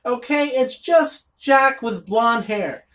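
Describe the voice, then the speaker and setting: A woman's voice: on the high side, expressive, slow, fairly bright tone. A woman reviewing a comic in casual chat, blunt and sarcastic, with lots of fillers and asides.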